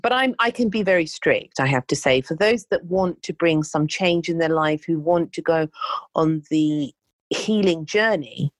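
A woman speaks in a lowish, animated voice, telling stories from her coaching work and acting out the dialogue as she goes. The sound is dry and close, with no room around it. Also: moderate pace, no room sound. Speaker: life coach and healer. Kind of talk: conversational storytelling.

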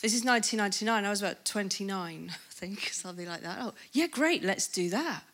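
A woman in her fifties speaking at a conference, telling a personal testimony in a lively storytelling way and acting out what people said. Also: mid-range voice, a little fast. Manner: lively storytelling with laughs and acted-out quotes.

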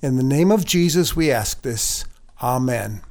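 A man's voice: mid-range voice, expressive, measured pace, a little mellow. A male pastor reading scripture aloud and then preaching a sermon, stressing quoted words with rising emphasis.

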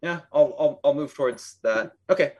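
A man's voice: on the high side, normal speed, a little mellow, dull audio. A man playing in a tabletop game, asking the game master questions casually. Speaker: player.

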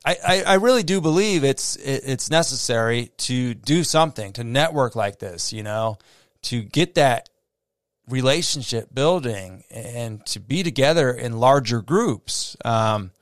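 A man's voice: medium pitch, expressive, a little slow, no echo, clean studio sound. A man with a Midwestern American accent hosting a solo podcast, talking casually with many fillers and restarts. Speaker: podcast host. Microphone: close podcast mic.

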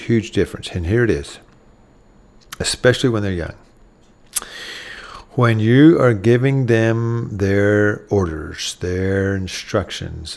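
A middle-aged man hosting a parenting show, giving earnest advice and acting out what a parent should say to a child. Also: on the low side. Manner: earnest, acts out gentle parent lines to children. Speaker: parenting podcast host. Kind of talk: instructive talk.

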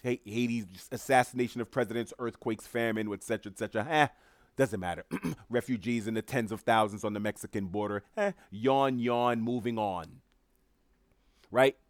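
A man's voice: medium pitch, no echo, clean studio sound. A man giving opinionated solo commentary as a podcast host, emphatic and sarcastic, repeating his phrases for effect.

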